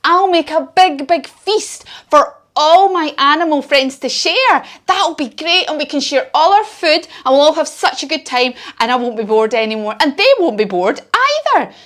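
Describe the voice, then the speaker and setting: An eager, cheerful storybook bear with a friendly heart, as a woman puts him on. The voice sits a little high and bubbles with excitement. It is a kindly animal, never gruff. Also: moderate pace, hardly any pauses. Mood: excited.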